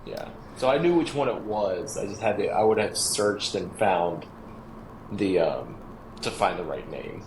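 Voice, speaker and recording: A man's voice: fairly low pitch, lively intonation, a little slow, a little hiss or hum. Hesitant male co-host in an echoey room. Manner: hesitant, self-mocking. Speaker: podcast co-host. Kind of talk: casual chat.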